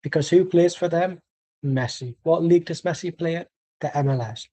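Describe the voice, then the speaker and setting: A man's voice: on the high side, normal speed, dark tone, low-quality recording. A man streaming a football watchalong who rants angrily and sarcastically while reacting live to the match. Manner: angry, sweary, sarcastic. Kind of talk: live match commentary and rant.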